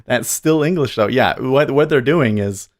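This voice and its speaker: A man's voice: medium pitch, moderate pace. A man chatting casually on a live trading stream, rambling and chuckling often.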